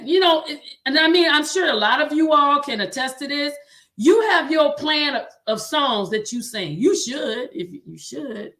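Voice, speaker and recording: Southern woman host, high-pitched, exhorting sermon-style talk. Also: fairly bright tone. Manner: exhorting, repeats "come on", reads viewer comments aloud. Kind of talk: livestream talk to choir directors, preaching tone.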